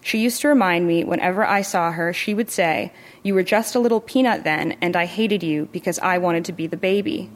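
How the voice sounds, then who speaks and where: A woman's voice: fairly low pitch, a little fast, lightly acted. Woman reading as a sobbing frail old father. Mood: tender. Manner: sobbing, repeating himself. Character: grieving, frail elderly father in a wheelchair.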